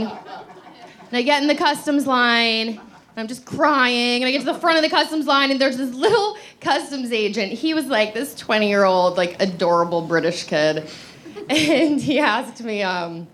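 A high-voiced woman tells a comic story to a live audience, bubbly and breathless. She keeps laughing between lines and acts out her own past thoughts. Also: animated, unhurried, a bit bright, a little hiss or hum. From Los Angeles. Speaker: comedic storyteller.

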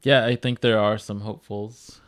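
A man's voice: lowish voice, little pitch movement, normal speed, fairly bright tone, clean tone, dry recording. A man on a casual podcast who talks hesitantly, trailing off with many fillers. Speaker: podcast co-host. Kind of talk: casual chat.

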